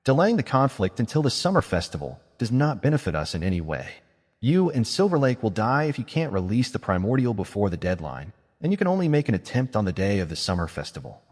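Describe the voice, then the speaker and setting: A man plays a blunt young mage who keeps pressing his argument. The voice is husky, and a long reverb hangs on every word. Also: fairly low pitch, sing-song, fast, darkish tone. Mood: pointed.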